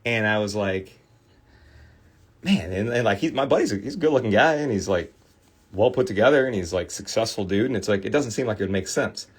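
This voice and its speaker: A man's voice: on the low side, animated, brisk, slightly rough. A middle-aged man hosting a casual card-cleaning livestream, rambling through a funny story and talking to his viewers. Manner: rambling storyteller, laughs often, chatty with viewers.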